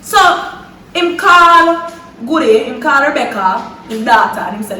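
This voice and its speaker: A young woman from Jamaica with a Jamaican accent, telling a story in a lively, dramatic way with patois slipping in. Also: high-pitched, moderate pace, echoey room, far from the mic, a little hiss or hum, low-quality recording. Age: young adult. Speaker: vlogger. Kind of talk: storytime chat.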